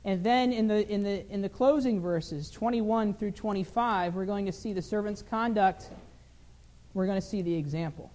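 A man's voice: sits high, normal speed, a little mellow. A man preaching a sermon, telling a personal story earnestly and pressing his points with rising emphasis.

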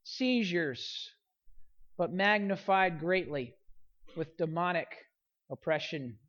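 Preacher working through a Gospel passage with earnest, building emphasis, mid pitch, muffled lo-fi audio. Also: animated, slow, a bit bright. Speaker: pastor. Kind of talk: sermon.

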